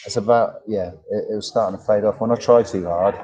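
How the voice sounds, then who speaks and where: Outdoors in a park, a man co-hosts a casual livestream, reading comments, greeting viewers by name and bantering in a jokey, sweary way. His voice is on the low side, dark and slightly rough, with a steady tone and fast pace. The recording is rough.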